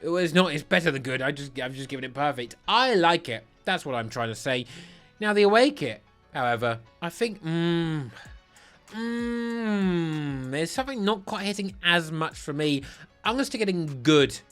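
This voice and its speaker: Soft music backs a man's animated, moderately paced commentary as he ranks football kits comedically. His somewhat bright voice stays blunt, crude and sarcastic, jumping sharply in pitch.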